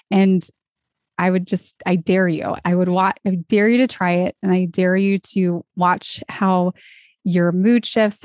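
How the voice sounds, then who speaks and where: A woman guest on a podcast, a professional singer who talks in an earnest, encouraging way and gets animated when she voices what others might think. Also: lowish voice, no echo, studio quality. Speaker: podcast guest, vocalist and arts nonprofit founder. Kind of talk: conversational interview.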